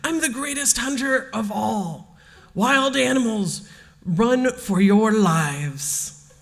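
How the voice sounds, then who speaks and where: A woman reading the part of a playful young elephant-headed boy god, speaking excitedly and boastfully, in a reverberant church hall. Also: fairly low pitch, normal speed, natural voice.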